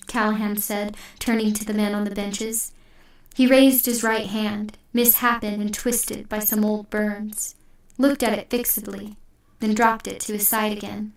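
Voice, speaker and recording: A woman reading an audiobook in a measured, steady narration. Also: on the high side. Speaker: audiobook reader. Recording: echoey room, distant mic.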